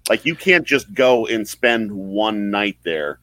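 A man with a lowish voice hosts a relaxed live podcast chat. He talks haltingly, full of fillers and restarts, into a close, dry mic. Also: no echo, low-quality recording. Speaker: podcast host. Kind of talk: casual live-stream chat.

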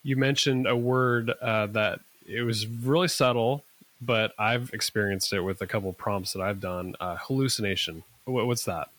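A man host of a podcast, posing probing follow-up questions. His voice sits on the lower side. He wants to unpack what his guest just said. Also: normal speed, a bit bright. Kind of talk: podcast interview.

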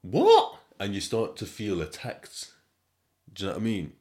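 A man, hosting a podcast and telling a story in a casual monologue, animated and slangy, repeating himself and swinging between loud and quiet. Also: moderate pace. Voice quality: deep voice. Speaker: podcast host.

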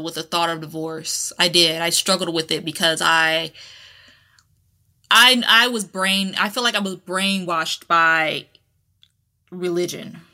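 Woman podcast host, conversational and frank, bright clear voice. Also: on the low side. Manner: candid and conversational, with colloquial phrasing and frequent restarts. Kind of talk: casual personal talk.

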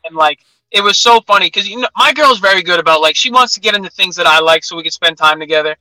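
A man's voice: high voice, animated, fast talker, bright, forceful tone, a little hiss or hum, low-quality recording. A young man chatting casually as an interview guest, telling stories with lots of "like". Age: young adult. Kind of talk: casual chat.

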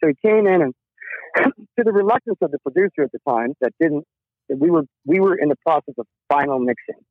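A man's voice: a little high, animated, brisk, no room sound. Male musician guest, emotional rambling storyteller, phone-quality audio, close and dry. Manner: rambling, heartfelt, many restarts. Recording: tinny phone line.

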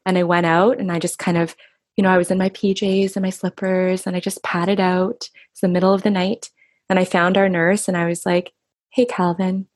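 Soft reflective woman, dry close sound. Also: lowish voice, little pitch movement, no room sound. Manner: soft, reflective, halting with restarts. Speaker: guest recounting her husband's death. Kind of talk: intimate conversational interview.

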